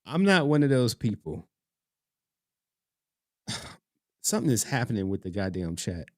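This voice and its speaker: A man's voice: on the low side, very animated, unhurried, darkish tone, no room sound, clean studio sound. A man hosting a livestream, chatting loosely with his audience, swearing and getting emotional as he reads their messages. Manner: loose, profane, emotional, reads chat aloud. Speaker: livestream host. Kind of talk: casual livestream chat.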